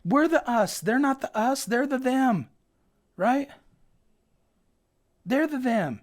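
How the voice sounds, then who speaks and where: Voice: high voice, expressive, slow pace, voice pushed up. A Bible teacher voicing the prophet Jonah as a sulking, melodramatic man throwing a tantrum. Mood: resentful. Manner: whiny, exaggerated tantrum. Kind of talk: acted scripture quotes in a Bible lesson.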